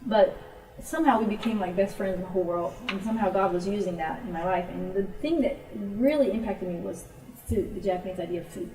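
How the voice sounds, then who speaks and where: An American woman tells her story in a relaxed, mellow voice, acting out the lines of the people in it. She sounds set back from the microphone in an echoey room. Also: mid-range voice, fast talker. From United States. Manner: animated storytelling with quoted voices. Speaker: speaker on Japanese culture. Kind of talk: casual talk. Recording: roomy, distant mic.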